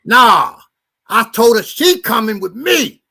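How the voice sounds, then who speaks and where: A man voicing a drunk, pushy grown man in a retold story, loud and insistent. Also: very high voice, very animated, takes it slowly, gravelly, husky, voice pushed up, exaggerated voice.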